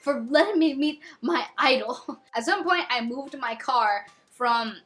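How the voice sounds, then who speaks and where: A young woman in her twenties telling a storytime vlog with excitable, dramatic, gushing fangirl energy. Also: high voice, measured pace, soft background music. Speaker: vlogger.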